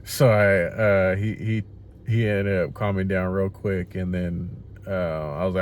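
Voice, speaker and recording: Young guy, low voice, tired but animated, swearing while he tells stories from his car; slight background hiss. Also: measured pace. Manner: animated retelling, swears freely, acts out quotes. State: tired after work. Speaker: rideshare driver and vlogger. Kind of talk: casual vlog storytelling. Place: inside a parked car.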